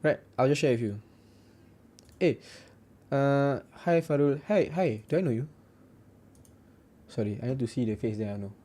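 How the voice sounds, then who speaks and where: Reading out viewer comments on his casual trading livestream, a young forex host with a Singaporean English accent keeps tacking "right" onto his sentences, chatty, blunt and joking. His mid-range voice is warm and expressive, at a moderate pace with frequent pauses.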